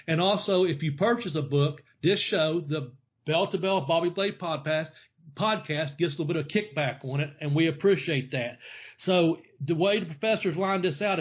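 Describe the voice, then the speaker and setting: Male podcast host, ex-wrestler, rambling storyteller, slightly high voice, muffled lo-fi sound. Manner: rambling storyteller, laughs often. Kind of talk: casual podcast chat. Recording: dull lo-fi podcast audio.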